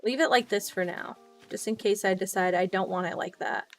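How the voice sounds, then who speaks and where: A woman's voice: medium pitch, a little fast, faint music behind. A young woman streaming from her desk at home, chatting casually with viewers and thinking aloud as she plays. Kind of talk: casual chat while playing a game.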